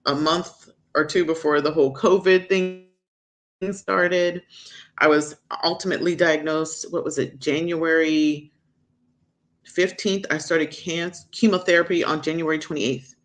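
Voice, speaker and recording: Animated woman doctor telling her story. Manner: animated, acts out quoted people with sudden high pitch; frank, candid. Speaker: guest doctor. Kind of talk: personal storytelling in a podcast interview.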